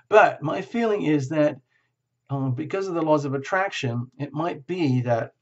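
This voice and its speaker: A man giving a casual tarot reading, musing and repeating words with lots of fillers, gentle and reassuring. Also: fairly high pitch, animated, measured pace, muffled recording. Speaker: tarot reader.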